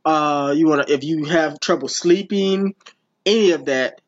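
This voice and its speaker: A man's voice: on the high side, a little slow. A man hosting a podcast, rambling through his sign-off with many restarts and fillers. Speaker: podcast host. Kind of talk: casual podcast outro. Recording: dull lo-fi sound.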